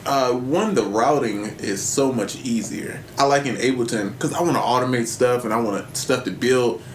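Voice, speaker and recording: A man's voice: medium pitch, normal speed. A man co-hosting a podcast, talking casually and jokingly in slang, sometimes reading out listener questions. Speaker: podcast co-host. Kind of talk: casual chat. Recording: roomy with faint background noise.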